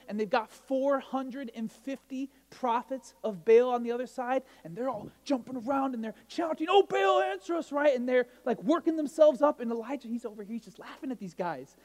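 Man, pastor, chatty sermon, high voice, long hall reverb. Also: darkish tone. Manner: conversational, asks the crowd "right?", tells jokey stories.

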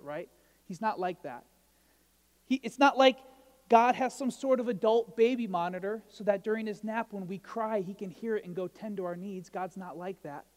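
A man's voice: high voice, in a large hall. A male pastor giving a casual, conversational sermon, often asking the listeners "right?" and telling humorous stories. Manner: conversational, asks the crowd "right?", tells jokey stories.

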